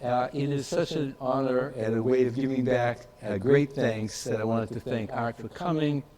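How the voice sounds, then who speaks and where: Man, tribute speech, reflective, halting with fillers, mid pitch. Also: a little mellow, rough recording. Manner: reflective, with frequent fillers and restarts. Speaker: conference speaker.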